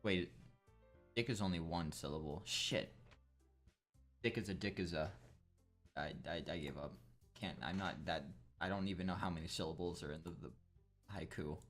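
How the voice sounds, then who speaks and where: Deep-voiced crude rambling young man. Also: normal speed, fairly bright tone, faint music behind. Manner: crude, rambling, jokey, swears a lot. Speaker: gameplay commentator. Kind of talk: casual gameplay commentary.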